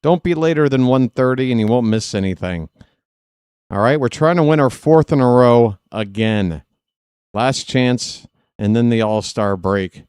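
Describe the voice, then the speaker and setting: A man's voice: mid-range voice, unhurried, a little mellow, smooth, no room sound, clean studio sound. A man hosting a live baseball stream, chatting casually with viewers and joking in asides.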